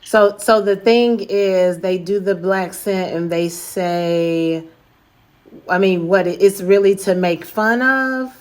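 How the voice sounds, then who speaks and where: A woman's voice: mid-range voice, fairly even intonation, slow pace. A woman hosting a casual podcast discussion, speaking hesitantly and trailing off. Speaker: podcast host.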